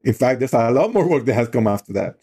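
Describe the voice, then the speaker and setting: A man's voice: medium pitch, lively intonation, quick pace, dark tone, slightly rough. A middle-aged man leading a youth outdoor program, telling a story in a loose, conversational way with lots of "you know" fillers.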